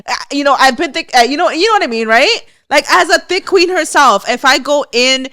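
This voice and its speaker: A woman's voice: high-pitched, animated, fairly quick, bright, forceful tone. A young woman co-hosting a podcast, chatting casually and animatedly, swearing and laughing often. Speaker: podcast co-host. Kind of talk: casual gossip chat.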